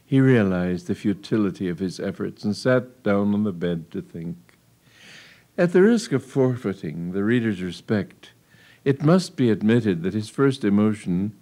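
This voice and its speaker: A man's voice: lowish voice, dark tone. A man reading a humorous story aloud in a wry, amused storytelling manner. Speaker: narrator. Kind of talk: audiobook reading of a comic tale.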